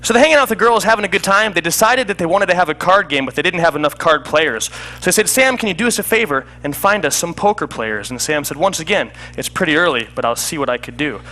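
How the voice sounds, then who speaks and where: A comedy magician telling a joking story as patter for a card trick, chatty and laughing at himself. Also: male voice, sits high, lively intonation, quick pace, few pauses, pushed and bright.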